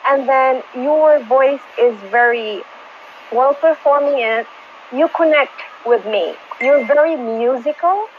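A woman's voice: high voice, slow, a little hiss or hum. A woman judging a singing contest over a video call, gushing and rambling with many fillers. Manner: effusive, rambling, with frequent fillers. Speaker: judge of an online singing contest. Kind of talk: casual judging feedback. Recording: slightly muffled online call audio.

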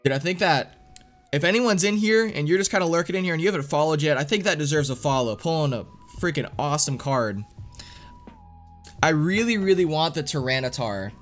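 A man streaming live, chatting casually and excitably to his viewers, full of slang. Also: a little high, a little fast, soft background music. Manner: excitable, slangy, says dude a lot. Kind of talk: casual live-stream chat while opening card packs.

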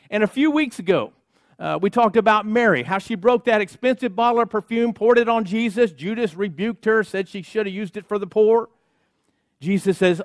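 A high-voiced pastor preaches with emphatic, rhythmic repetition and frequent call-outs to the congregation. His voice is close and dry, with almost no room sound around it. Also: expressive, moderate pace, no room sound. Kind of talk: sermon. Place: church sanctuary.

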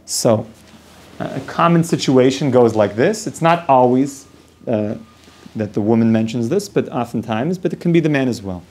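A man's voice: mid-range voice, lively intonation, moderate pace, darkish tone. A man who is a rabbi teaching an informal Torah class. He explains ideas through long worked examples and often restarts his sentences.

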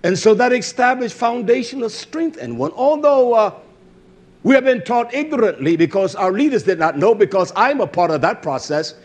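A middle-aged man preaching a sermon, impassioned, swinging from low murmurs to shouts. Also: lively intonation, moderate pace, slightly rough.

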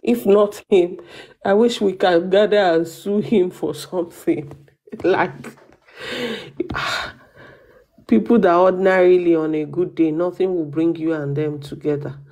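Woman co-host, slow-paced, hesitant, sarcastic. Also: fairly low pitch, steady tone, mellow. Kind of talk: casual chat.

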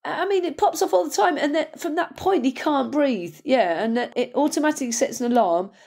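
Animated woman co-hosting a podcast. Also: sits high, brisk, vocal fry. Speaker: podcast co-host. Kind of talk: casual book-discussion chat.

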